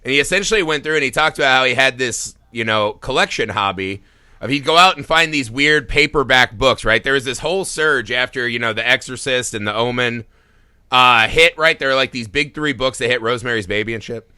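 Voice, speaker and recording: A man's voice: medium pitch, a little fast, smooth, no room sound, studio quality. A man co-hosting a film podcast, talking casually and with energy, swearing freely and laughing often. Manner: animated, profane, laughs often. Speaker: podcast co-host.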